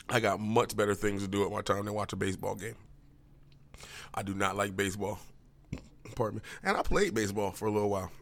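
A man hosting a podcast, ranting casually and profanely with sudden jumps up in pitch. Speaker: podcast host. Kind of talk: casual solo rant.

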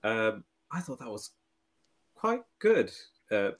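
A man's voice: lowish voice, big pitch swings, slow. A young man co-hosting a casual motoring podcast, laughing often as he reads out report figures. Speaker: podcast co-host. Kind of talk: casual chat.

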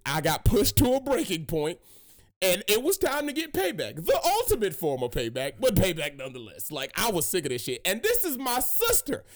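A young man hosting a casual podcast discussion, telling profane stories in an animated way. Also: sits high, fairly quick. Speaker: podcast host.

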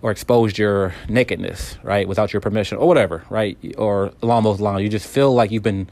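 A man giving a calm, earnest self-help talk straight to the listener, with frequent restarts and repeated words. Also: lowish voice, brisk. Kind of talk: candid self-help monologue.

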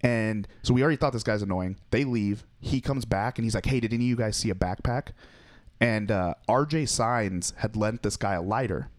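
Brisk and low-voiced, this young adult man is a comedian in casual conversation, telling rambling stories, mimicking others with laughter in his voice, and swearing without restraint.

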